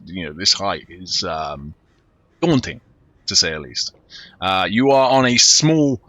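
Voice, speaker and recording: A young man narrating a tabletop game as game master, describing scenes in a relaxed way with many fillers. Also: on the low side, no room sound.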